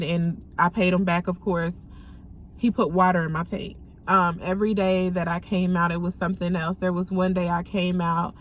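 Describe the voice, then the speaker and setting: A young woman speaks in a plain, mid-pitched voice, telling her own story in a candid, earnest way. She talks haltingly, often pausing and filling gaps with ums as she gathers her thoughts. A faint hum of room ambience sits behind her. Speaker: vlogger sharing a personal story. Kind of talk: candid personal testimony.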